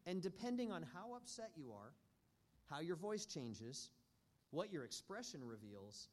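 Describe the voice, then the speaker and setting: A man teaching a church parenting class in an earnest, measured way with frequent pauses. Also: fairly high pitch, very animated.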